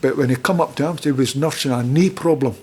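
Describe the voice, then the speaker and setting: A man's voice: medium pitch, fast talker, a little mellow, a little hiss or hum. A middle-aged Scottish man, a former footballer and manager, telling rambling anecdotes in a casual interview and acting out the people he quotes. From Scotland.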